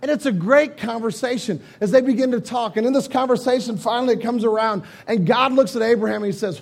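A man's voice: very high-pitched, quick pace, creaky, hardly any pauses. A man preaching a sermon, retelling scripture in a loose, conversational way. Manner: casual storytelling preaching, animated retellings. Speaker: pastor.

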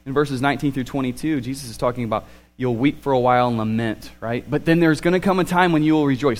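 A man in his thirties preaching a sermon, animated and swinging between excited and hushed. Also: mid-range voice, brisk. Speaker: pastor.

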